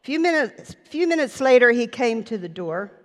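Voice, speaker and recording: A woman's voice: fairly high pitch, big pitch swings. A woman preacher telling a personal story in an earnest sermon, recorded in a church sanctuary. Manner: personal anecdote, earnest, slow. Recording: long reverb of a church hall.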